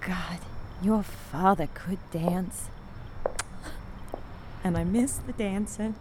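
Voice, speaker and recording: A woman's voice: medium pitch, takes it slowly, a little mellow, a little hiss or hum, natural voice. An actress playing a weary middle-aged mother who drifts between defensive and wistful in an audio drama.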